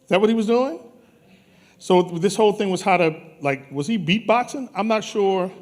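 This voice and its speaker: A man from New Orleans hosting a conference on stage, bantering and teasing people in playful, joking chatter. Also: sits high. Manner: teasing, animated, quick jokes. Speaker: conference host.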